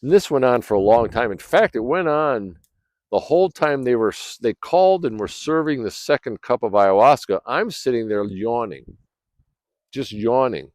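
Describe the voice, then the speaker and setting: A man telling a personal story in a rambling, casual way, clearing his throat often, recorded outdoors by a fire. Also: mid-range voice, lively intonation, normal speed, a little mellow, no echo. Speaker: vlogger.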